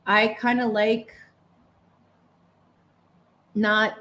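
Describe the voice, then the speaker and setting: A woman's voice: medium pitch, little pitch movement, extremely slow, a bit bright. A woman hosting a casual paint-along chat, talking in a chatty, playful way with lots of slang. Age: adult parent. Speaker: channel host.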